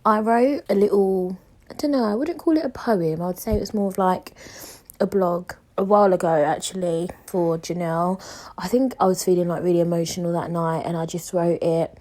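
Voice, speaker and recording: A woman's voice: lowish voice, fairly quick, a little mellow. A woman hosting her own podcast, talking casually and candidly, full of "like" and "you know", and open about her feelings. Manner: chatty, candid, heavy use of "like" and "you know". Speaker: podcast host. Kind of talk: casual solo podcast chat.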